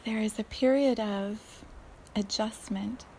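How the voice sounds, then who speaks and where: A woman hosting a reflective spiritual podcast, speaking softly and often near a whisper, laughing now and then. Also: medium pitch, steady tone, slight background noise. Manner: slow, soft, often breathy and near-whispered, with frequent laughs. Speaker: podcast host.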